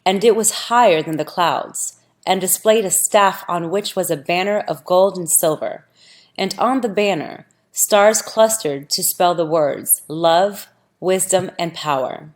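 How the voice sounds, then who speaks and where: A woman narrating a scripture audiobook in a deliberate, measured reading. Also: on the low side. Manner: slow, deliberate, archaic phrasing.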